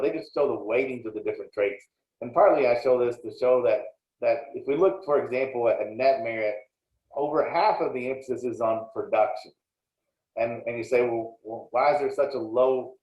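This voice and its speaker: A man's voice: mid-range voice, a little mellow. Man giving a roomy lo-fi lecture. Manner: plainspoken and explanatory, with frequent small restarts. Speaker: dairy extension lecturer. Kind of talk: recorded slide lecture. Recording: roomy, dull lo-fi sound.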